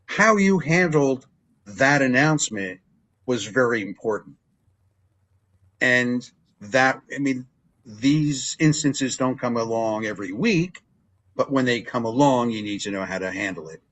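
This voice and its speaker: An older man, a longtime ring announcer, telling stories in a relaxed interview and acting out what people said. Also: measured pace, rough recording. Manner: animated storyteller, acts out quotes with big pitch jumps. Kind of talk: storytelling interview chat.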